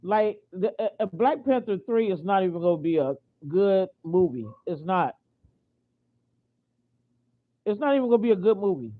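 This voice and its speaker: A woman's voice: mid-range voice, animated, a little fast. Indignant American woman ranting, tinny audio. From United States. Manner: indignant, repetitive, frequent restarts and fillers. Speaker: vlogger. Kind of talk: casual opinion rant.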